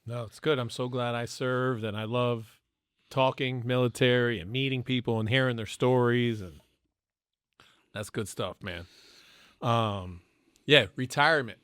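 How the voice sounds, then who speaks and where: A man's voice: medium pitch, steady tone, a little slow, a bit bright, smooth, no room sound, studio quality. A man hosting a podcast interview, asking short questions and reacting with brief encouragement. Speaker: podcast host. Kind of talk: casual interview chat.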